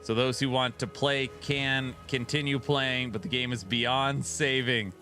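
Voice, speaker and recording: A man's voice: mid-range voice, steady tone, a little slow, sharp tone, soft background music. A man streaming, reading viewer comments aloud in a casual, wry, amused way. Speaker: streamer reacting to game patch notes.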